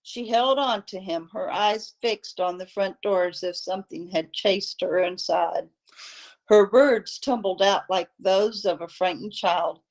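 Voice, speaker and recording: Woman reader, novel read aloud, slow and steady delivery. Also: medium pitch, low-quality recording. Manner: steady, unhurried storytelling. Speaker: audiobook reader.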